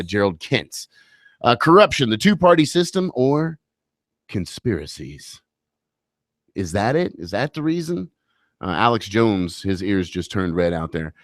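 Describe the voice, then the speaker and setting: A man's voice: lowish voice, no echo. Wry, joking male radio host. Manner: wry, joking, rambling asides. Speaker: radio talk show host. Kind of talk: casual talk radio banter.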